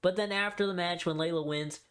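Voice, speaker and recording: A man's voice: high voice, fairly even intonation, fairly quick, a bit bright, clean tone. A man hosting his own podcast, talking through a recap in a loose, rambling way, full of fillers and offhand swearing. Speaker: podcast host. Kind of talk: casual solo podcast recap.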